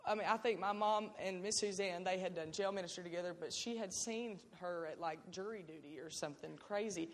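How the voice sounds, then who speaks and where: A woman's voice: fairly low pitch, a little fast. Earnest young woman in a reverberant hall. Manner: earnest and emotional, breaks into laughter. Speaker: speaker giving a testimony. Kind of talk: personal faith testimony.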